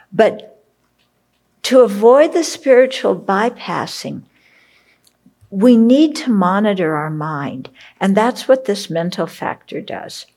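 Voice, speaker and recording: A woman's voice: medium pitch, vocal fry, a little mellow. A Buddhist woman teacher giving a reflective dharma talk, checking in often with her listeners. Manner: reflective, checks in with "okay?", acts out inner voices.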